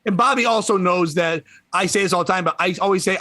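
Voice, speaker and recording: A comedian from Connecticut riffs in a high, bright voice, quick with jokes and swearing. The sound is dry and close. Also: male voice, no room sound. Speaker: comedian podcast host. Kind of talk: casual chat.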